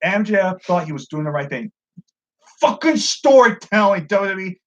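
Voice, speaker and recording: A man co-hosting a wrestling review show in casual, profane commentary, excitable and acting out what the wrestlers said. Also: high-pitched, moderate pace. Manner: excitable, swears a lot, acts out quotes. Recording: dull lo-fi sound.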